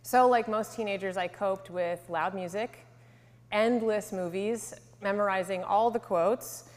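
A woman in her thirties from Connecticut telling her faith story to a live audience, earnest, sometimes dropping to a soft hush. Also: medium pitch, unhurried. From Connecticut, USA. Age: 30s. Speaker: speaker giving a testimony. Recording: hall reverb.

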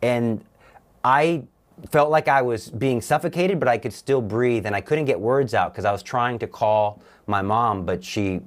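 A young man earnestly telling a personal story as a talk show guest, halting and repeating himself. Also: medium pitch.

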